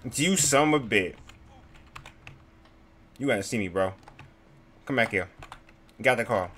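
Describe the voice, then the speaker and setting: A man's voice: mid-range voice, lively intonation, measured pace, background noise. A young man playing a game and giving loose, rowdy commentary full of slang and laughter. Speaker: gaming streamer. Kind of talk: casual gameplay commentary.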